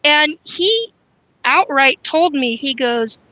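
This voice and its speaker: A woman's voice: sits high, lively intonation, takes it slowly, pushed and bright, no room sound, lo-fi sound. A woman hosting a casual live stream, rambling frankly and greeting viewers by name as she talks. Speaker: livestream host.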